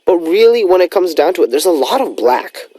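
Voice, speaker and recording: A man's voice: high-pitched, sing-song, fairly quick, mellow, dry recording. A young man hosting a radio show in a studio, chatting casually and rambling with lots of fillers.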